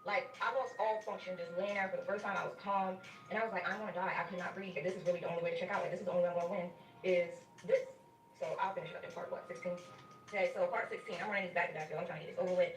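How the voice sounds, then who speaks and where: A woman telling a personal story in an animated, conversational way, often speaking straight to her listeners. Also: lowish voice, racing, faint music behind. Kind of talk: casual storytime narration. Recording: roomy, distant sound.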